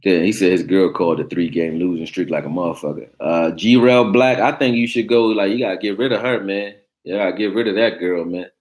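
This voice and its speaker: Deep-voiced blunt sports talk host. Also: male voice, quick pace, few pauses, darkish tone. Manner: blunt, profane, joking, reacting to chat. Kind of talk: casual sports talk livestream.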